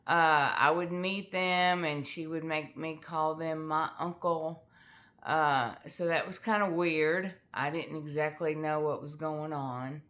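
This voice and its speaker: A middle-aged woman telling a personal family story in a candid, halting way with many fillers. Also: on the low side, a bit bright. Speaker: author sharing her life story.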